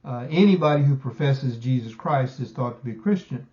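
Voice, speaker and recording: A man teaching a Bible study lesson, emphatic and slowing down to stress key words. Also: mid-range voice, expressive, warm tone, highs cut off.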